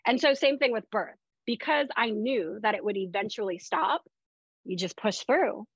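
A woman from Florida telling her story as a podcast guest in a chatty, animated way with lots of fillers. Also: fairly high pitch, normal speed, slightly rough, no echo. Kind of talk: casual personal storytelling. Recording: dull, dry lo-fi sound.

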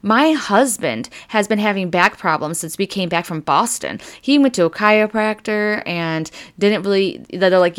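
A woman's voice: medium pitch, normal speed, few pauses. A woman hosting a psychic podcast, reading oracle cards in a loose, chatty way, full of "like" and "you know", and moved close to tears. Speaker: psychic medium podcast host. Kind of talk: casual oracle card reading.

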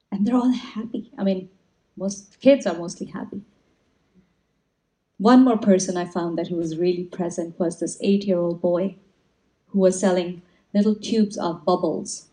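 A woman spiritual teacher giving an inspirational talk, telling stories in a gentle, reflective way. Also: lowish voice, rough recording.

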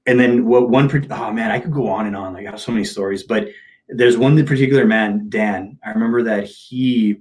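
A man telling personal stories in a casual podcast chat, animated and emphatic. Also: lowish voice. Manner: animated, emphatic, slips into quick impressions. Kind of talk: casual storytelling.

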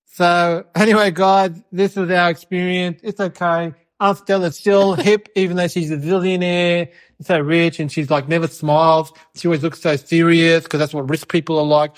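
A woman's voice: lowish voice, steady tone, unhurried, natural voice. A woman performing a cheeky little boy in a comedy sketch, telling a rambling story with giggles and mocking impressions of his relatives.

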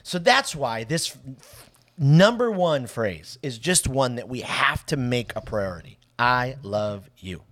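A man co-hosting a casual podcast chat, animated and drawing out key words for emphasis. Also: medium pitch, takes it slowly, no echo. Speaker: podcast co-host.

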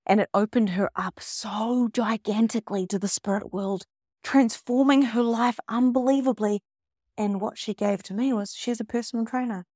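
A middle-aged woman coach, talking in an emphatic, expressive way and acting out the people she quotes. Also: a little high, normal speed, no echo, clean studio sound. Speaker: spiritual coach. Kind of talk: casual motivational monologue.

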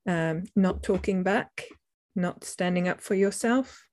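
A woman co-hosting a parenting talk, speaking in a thoughtful, measured, reflective way. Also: fairly low pitch, darkish tone, a little hiss or hum. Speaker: parenting podcast co-host. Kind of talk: casual discussion.

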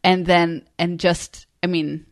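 A woman with a lowish voice tells a story on a casual podcast. The sound is close and dry. She recounts events in an easy, conversational way. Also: flat delivery, takes it slowly, dry recording. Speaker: podcast co-host.

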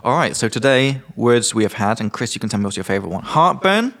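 A man's voice: on the low side, fast. A man hosting a casual podcast, teaching vocabulary with jokes and casual swearing. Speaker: podcast host and English teacher.

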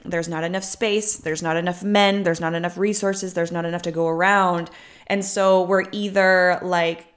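A young adult woman hosting a podcast as a business coach, talking in a casual, chatty, upbeat way and leaning on "like" and "right?". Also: lowish voice. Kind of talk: casual motivational monologue.

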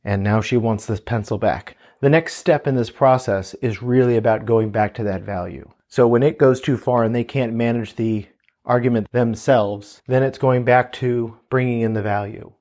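A man's voice: mid-range voice, normal speed, darkish tone. A man in his thirties, a father, earnestly giving parenting advice and retelling talks with his kids. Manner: earnest, storytelling with quoted dialogue. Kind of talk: casual advice talk.

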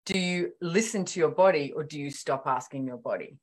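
Chatty woman telling lively stories. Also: low-pitched, a little fast. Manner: animated storytelling, acts out quoted dialogue; many fillers like "like" and "you know". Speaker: author and guest. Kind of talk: casual podcast conversation.

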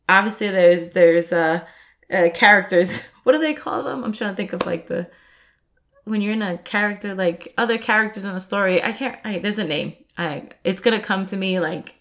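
In casual solo podcast talk, the host, a woman with a fairly low, fairly bright voice, wanders from point to point. She uses plenty of fillers and often restarts her sentences.

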